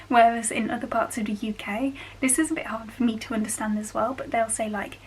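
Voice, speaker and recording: A young woman with a Black Country accent, talking casually to camera in a slightly high voice. She explains things in a chatty way and enunciates carefully. A faint hiss sits under her voice. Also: steady tone, moderate pace, rough recording. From Black Country, England. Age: young adult. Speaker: vlogger.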